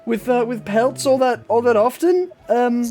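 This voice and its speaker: A man's voice: very high voice, expressive, dark tone, voice pushed up. Man putting on a chipper dwarven woman smith. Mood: friendly. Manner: hesitant, halting delivery. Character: cheerful dwarven woman blacksmith, small, friendly.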